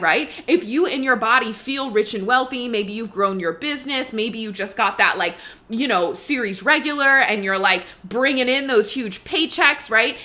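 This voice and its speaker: Woman host, young adult, bright and sharp tone, pitched a touch high, chatty, emphatic, loose with swearing. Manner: chatty and emphatic, heavy on "like" and "right?", swears freely. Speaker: podcast host and money coach. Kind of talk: casual podcast monologue.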